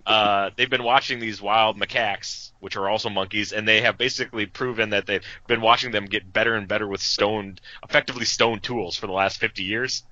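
Bright-toned man explaining things. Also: fairly low pitch, fairly even intonation, fairly quick, hardly any pauses, dry recording, lo-fi sound. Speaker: podcast co-host. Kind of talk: casual chat.

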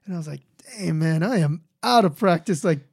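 A man's voice: on the high side, animated, fairly quick, gravelly, breathy edge, dry recording, clean studio sound. A man hosting a podcast in casual chat, easygoing and telling stories. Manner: easygoing, storytelling. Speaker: podcast host.

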